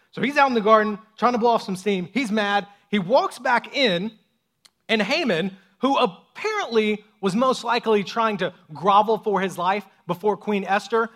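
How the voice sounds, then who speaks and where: A man preaching a sermon with a lilt, swinging from loud bursts to hushed lines and acting out voices as he tells the story. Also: sits high. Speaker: pastor.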